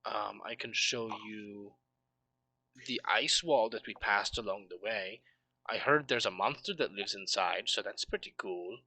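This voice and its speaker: A man's voice: lowish voice, unhurried, pushed and bright, no echo, exaggerated voice. A man voicing a chatty local guide character in a tabletop game, rambling and hesitant. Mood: casual.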